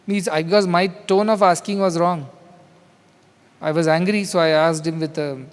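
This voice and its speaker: High-voiced Indian man in a reverberant hall. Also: steady tone, moderate pace, clear, resonant tone. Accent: Indian English. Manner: conversational, storytelling with quoted dialogue. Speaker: spiritual teacher. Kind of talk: spiritual discourse. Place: large hall.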